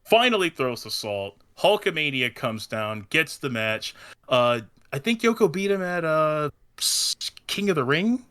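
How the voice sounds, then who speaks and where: A man in his thirties chatting casually as a podcast host, stammering and repeating words as he gets excited. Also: a little high, a little slow. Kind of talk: casual chat.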